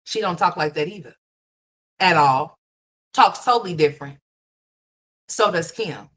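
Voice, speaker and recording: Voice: mid-range voice, animated, measured pace, pushed and bright. Livestream commentary host: blunt, profane gossip rant aimed at the audience, mid-range voice. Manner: blunt, profane, repetitive, talks straight to viewers. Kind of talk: ranting gossip commentary to live chat.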